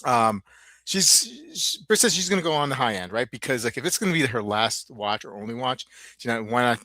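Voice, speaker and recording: A man from the Northeastern United States hosting a podcast, rambling in a halting way and reading out viewer comments. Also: mid-range voice, lively intonation, sharp tone, no room sound. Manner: rambling, halting, many restarts. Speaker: podcast host.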